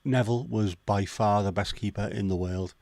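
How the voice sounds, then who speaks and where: A man's voice: lowish voice, steady tone, moderate pace, vocal fry, a little mellow, no room sound. A man from Liverpool hosting a casual chat livestream, joking and swearing as he chats to viewers. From Liverpool, England. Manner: sweary, joking, chatty asides. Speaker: livestream host.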